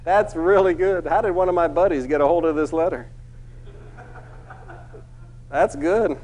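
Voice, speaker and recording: Middle-aged man, keynote speaker, animated storytelling, slightly high voice, acts out characters. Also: unhurried, poor audio.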